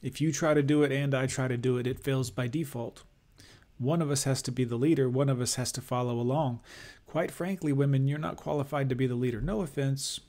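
A man's voice: medium pitch, steady tone, brisk, darkish tone. Male reaction host; sarcastic interjections, mocking tone. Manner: mocking, sarcastic asides to viewers. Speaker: commentator reacting to a video.

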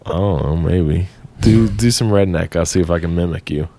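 Low-voiced, joking man. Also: moderate pace, mellow, no room sound. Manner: easygoing and joking. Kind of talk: casual podcast chat.

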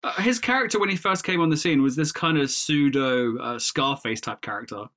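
Host: man, bright and forceful voice, playful, teasing banter. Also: a little high, brisk. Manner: playful, teasing, laughs often. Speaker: podcast host. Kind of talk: casual podcast banter.

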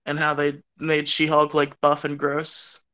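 A man's voice: a little high, monotone, measured pace, bright, forceful tone, clear, resonant tone. A man co-hosting a podcast in casual chat, laid-back, giving short replies. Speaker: podcast co-host.

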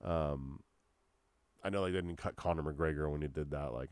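A man's voice: extremely low pitch, normal speed, a little mellow, smooth, dry recording. A young man hosting a solo podcast, ranting casually with heavy profanity and constant "dude" and "like.". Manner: profane, slangy rambling with lots of "dude" and "like". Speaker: podcast host.

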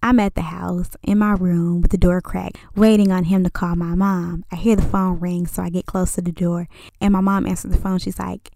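A woman in her twenties telling a personal story casually, animated and acting out the dialogue. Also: lowish voice, normal speed, gravelly, dry recording, clean studio sound. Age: 20s. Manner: lively and animated, acts out dialogue. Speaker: vlogger.

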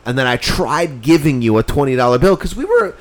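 Guy telling a profane story on a podcast, mid pitch, acting out everybody. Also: very animated, brisk. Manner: profane storytelling, mimics others' voices. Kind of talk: casual chat.

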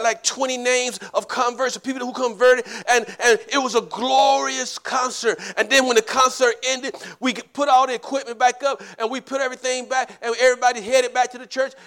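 Male evangelist, very high voice, bright and forceful delivery, preaching style, shouts at the peaks. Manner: animated preaching with shouted peaks, laughs and folksy storytelling. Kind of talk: sermon.

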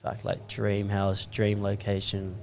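Gravelly laid-back young Kiwi guy. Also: on the low side, monotone, slow pace, slight background noise. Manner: laid-back, slangy, swears a lot, ends lines with "eh". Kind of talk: casual chat.

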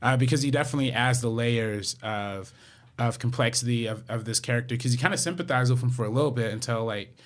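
Man, film podcast co-host, casual, halting delivery full of fillers. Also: mid-range voice. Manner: halting, many fillers and restarts. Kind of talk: casual film review chat.

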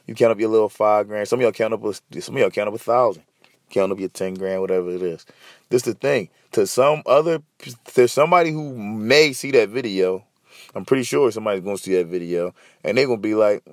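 A man's voice: lowish voice, brisk, no room sound, studio quality. A man hosting a podcast in a heated, profane, repetitive rant. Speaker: podcast host.

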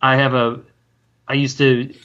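Bright-voiced rambling actor guest. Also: male voice, mid-range voice, flat delivery, muffled recording, slight background noise. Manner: rambling, halting, many self-interruptions and restarts. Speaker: guest, stage and screen actor. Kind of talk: casual interview chat.

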